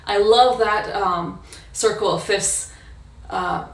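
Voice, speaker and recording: A woman in a casual practice session, explaining how she practices a violin piece in a thoughtful way, pausing often with fillers. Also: medium pitch, fairly even intonation, creaky. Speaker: violin teacher. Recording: echoey room with violin playing.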